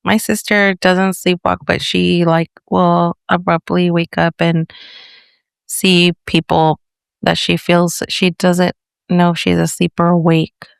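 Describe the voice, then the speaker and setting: A woman chatting on a podcast, animated and laughing, slipping Spanish words into her talk. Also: fairly low pitch, takes it slowly, creaky, clear, resonant tone, dry recording, clean studio sound. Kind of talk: casual chat.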